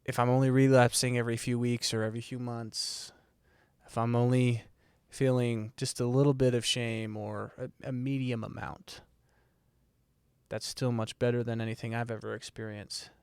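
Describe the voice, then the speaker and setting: A man with a gravelly, fry-edged voice shares his struggles candidly on a faith podcast. He is reflective and unguarded. The mic is dry and close. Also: mid-range voice, flat delivery, moderate pace, no room sound. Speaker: podcast co-host. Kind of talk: casual faith podcast conversation.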